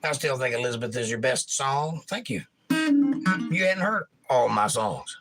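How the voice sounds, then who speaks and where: A man hosting a relaxed livestream, reading out viewer comments in a laid-back, murmured way with quick bursts. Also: medium pitch. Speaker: livestream host and singer-songwriter. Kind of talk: casual chat reading viewer comments aloud. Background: acoustic guitar playing.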